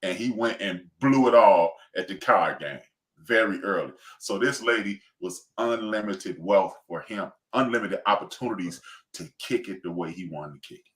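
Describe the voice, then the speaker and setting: A man co-hosting a movie review podcast, explaining points in a calm, matter-of-fact way. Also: sits low, moderate pace. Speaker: podcast co-host. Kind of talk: casual movie review chat.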